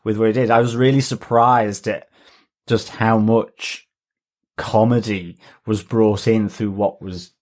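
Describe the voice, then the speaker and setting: A man co-hosting a casual podcast discussion, enthusiastic and halting, restarting his sentences as he goes. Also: on the low side, steady tone, a little mellow. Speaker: podcast co-host.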